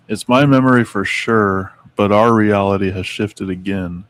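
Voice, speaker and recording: Low-pitched guy reading out notes on a chatty stream, stumbles a bit on names. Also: measured pace, a bit bright. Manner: reads aloud with stumbles over names. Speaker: co-host reading Mandela effect notes. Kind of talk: casual chat.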